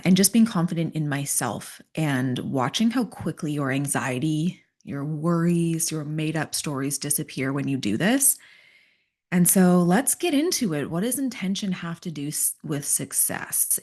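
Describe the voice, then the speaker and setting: A woman's voice: sits low, darkish tone. A middle-aged woman hosting a solo motivational podcast, talking in an earnest, emphatic coaching tone. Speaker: podcast host.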